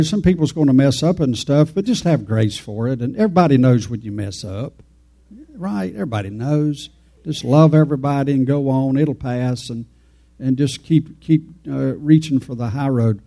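A man preaches in a loose, homespun way, wandering through his points and chatting with the people in the pews. His voice sits at an ordinary pitch with a dark, mellow tone. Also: gravelly. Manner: folksy, rambling, talks to the congregation. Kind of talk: informal folksy sermon.

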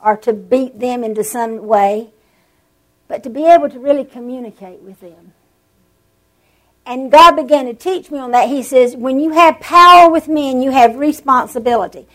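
A woman preaching a sermon, telling stories with animated emphasis and drawn-out words. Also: high-pitched, poor audio.

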